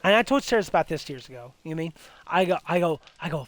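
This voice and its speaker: A man's voice: high-pitched, lively intonation, fast, a bit bright. A young man telling a ghost story in casual chat, rambling with many restarts and fillers. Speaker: host.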